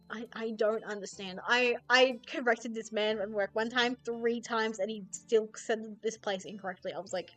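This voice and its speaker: A young woman chats casually on stream. Her voice sits a little high, and she rambles through stories, slipping into mock quotes as she goes. Faint music plays quietly underneath. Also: steady tone, normal speed, few pauses. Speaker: VTuber streamer. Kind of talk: casual chat.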